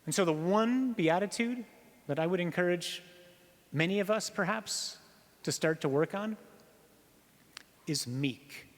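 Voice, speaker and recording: A priest giving an earnest sermon, slowing down on key phrases and asking the listeners rhetorical questions. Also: male voice, high voice, animated. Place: church. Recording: reverberant church hall.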